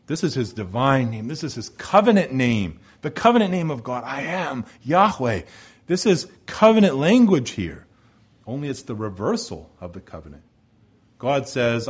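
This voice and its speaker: A man preaching a sermon in an earnest way, building to emphatic peaks and then dropping low and quiet. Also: lively intonation, moderate pace, breathy edge. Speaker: pastor.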